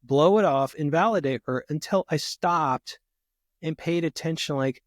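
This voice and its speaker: Animated man in a dry recording. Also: a little high, unhurried, no echo. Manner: animated, acts out quoted arguments. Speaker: therapist guest. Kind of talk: casual podcast conversation.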